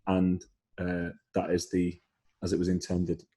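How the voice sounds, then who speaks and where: Low-voiced man with hedging remarks. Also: monotone, measured pace, warm tone. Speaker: podcast co-host. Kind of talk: casual podcast chat.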